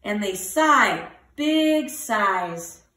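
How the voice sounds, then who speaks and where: A woman teacher reading a picture book aloud to children, with lively voices for the animals. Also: medium pitch, extremely slow, recorded from a distance. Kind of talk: storybook read-aloud for children. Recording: roomy, from the mic.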